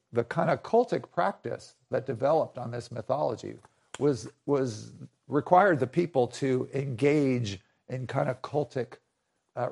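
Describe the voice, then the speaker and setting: Male preacher, mid pitch with gravel in it, conversational sermon delivery with frequent restarts. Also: a little mellow. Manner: conversational, restarts and repeats phrases.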